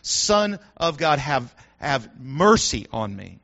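A man voicing a desperate blind male beggar who shouts and pleads in long, drawn-out cries. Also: medium pitch, very animated, vocal fry, exaggerated voice. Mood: pleading shout. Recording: dull lo-fi sound.

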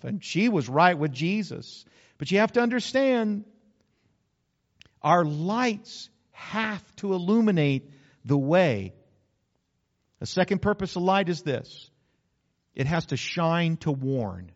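A man, a pastor, preaching a sermon in an earnest way, slowing down to stress key words. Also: sits high, very animated. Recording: slightly dull lo-fi sound.

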